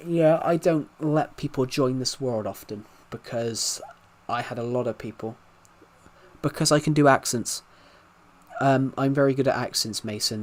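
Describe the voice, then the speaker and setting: A man's voice: mid-range voice, unhurried. Rambling man chatting on a game stream. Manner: rambling, chatty, talking to chat. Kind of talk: casual livestream chat.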